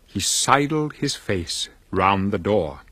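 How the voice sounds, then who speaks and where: A man reading a story aloud with expressive, sweeping delivery. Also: fairly low pitch, slow, no echo.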